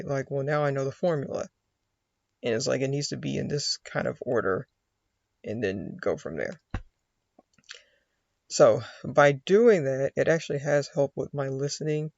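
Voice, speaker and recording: Creaky man rambling in a dry room. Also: mid-range voice, animated, normal speed, no echo, highs cut off. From United States. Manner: rambling, quotes own inner voice, laughs. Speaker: vlogger. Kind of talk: casual rambling monologue.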